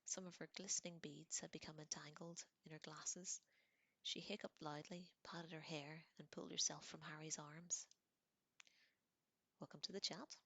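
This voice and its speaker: A woman reading a novel aloud in a calm, hushed voice, partly whispered. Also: low voice, moderate pace, no echo. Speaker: audiobook reader.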